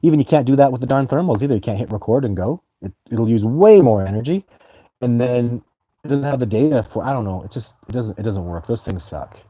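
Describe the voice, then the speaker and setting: A man's voice: mid-range voice, expressive, fast talker, no echo, highs cut off. A man hosting a live stream and answering viewer comments in a rambling, enthusiastic way, swearing casually and laughing often.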